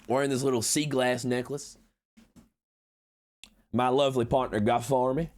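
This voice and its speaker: A man streaming a game reads chat as a chatty cowboy con man, using folksy talk that suddenly jumps high with excitement. He speaks at normal speed and pauses often.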